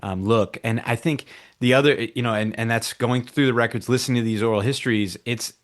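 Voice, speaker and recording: A man's voice: mid-range voice, fairly even intonation, a little fast. A man speaking as a reporter guest on a radio talk show, thoughtful and searching for words.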